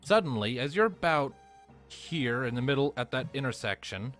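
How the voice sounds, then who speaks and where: A man's voice: medium pitch, normal speed, faint music behind. Man narrating as game master. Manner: steady descriptive narration.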